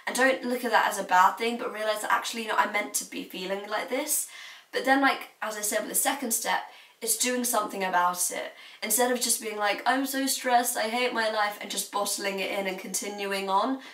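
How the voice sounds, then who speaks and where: A woman's voice: medium pitch, fairly bright tone, recorded from a distance. Brief: teenage girl vlogging, confiding and chatty, mic set back in an echoey room. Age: late teens. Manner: chatty and confiding, laughs now and then. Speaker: student vlogger. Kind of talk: candid advice vlog.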